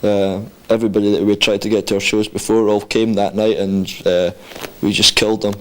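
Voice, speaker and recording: Low-voiced man, laid-back band talk. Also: brisk, rough recording. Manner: relaxed, hesitant with fillers, dry humor. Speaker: band member. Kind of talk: casual interview.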